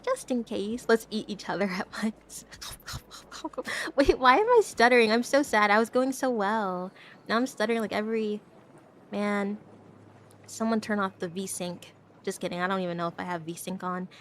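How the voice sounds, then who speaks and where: A woman's voice: medium pitch, steady tone, moderate pace, a little hiss or hum. A young woman chatting casually on a live stream, giggling often and tripping over her words as she rambles to her viewers. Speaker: VTuber streamer.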